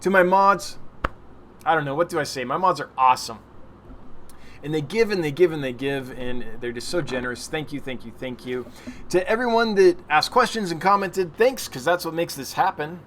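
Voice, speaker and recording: A man hosts a casual weekly livestream from home, reading viewer questions and chatting in an easy way. His voice sits a little high for a man. A faint hiss runs under the desk-mic recording. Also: animated, normal speed, a bit bright. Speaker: livestream host.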